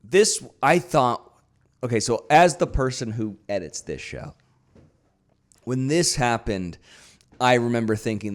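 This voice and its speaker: A man co-hosting a golf podcast, chatting in a relaxed, enthusiastic way. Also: medium pitch, unhurried, pauses often. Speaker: podcast co-host and editor. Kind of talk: casual chat.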